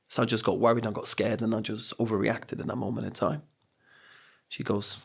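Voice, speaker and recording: A man's voice: on the low side, little pitch movement, brisk, gravelly, slightly rough. A middle-aged man, a coach and speaker, telling personal stories on a podcast in an earnest, motivational way. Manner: earnest, motivational, acts out quotes. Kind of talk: reflective podcast storytelling.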